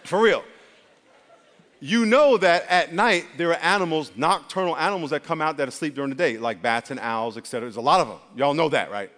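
A man preaching a sermon as pastor, animated and leading call-and-response with the congregation. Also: on the high side, a little fast. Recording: long hall reverb.

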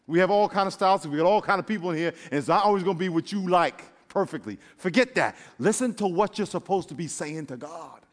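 A man with a high voice preaches to his congregation in a church. He's animated and jokey, acting out little voices and talking to the crowd as y'all. A long reverb trails his voice through the hall. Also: quick pace, few pauses. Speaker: pastor. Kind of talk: sermon.

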